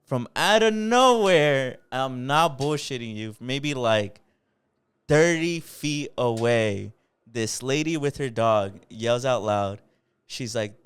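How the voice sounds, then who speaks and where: Young guy on a podcast telling a story, smooth clear voice, swears a lot, acts out the other people. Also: medium pitch, lively intonation, slow pace, dry recording. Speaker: podcast co-host. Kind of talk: casual storytelling.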